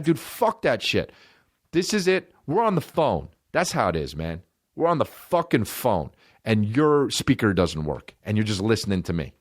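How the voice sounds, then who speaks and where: A man's voice: a little high, no room sound, studio quality. A man in his thirties hosting a solo comedy podcast, rambling, swearing constantly, losing his thread. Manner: profane, rambling, animated.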